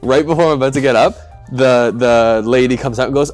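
With soft music underneath, a young podcast co-host tells an embarrassing story in an expressive mid-range voice at normal speed. His casual account rambles, self-mocking and full of laughter.

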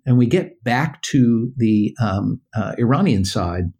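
Older American male guest, halting storyteller who acts out voices, casual interview. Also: medium pitch, animated, a little mellow, breathy edge. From United States.

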